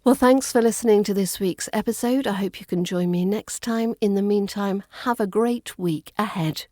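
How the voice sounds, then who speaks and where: A woman with a British RP accent hosting a podcast pronunciation lesson, modelling sounds slowly and deliberately. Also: medium pitch, warm tone. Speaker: accent coach and podcast host.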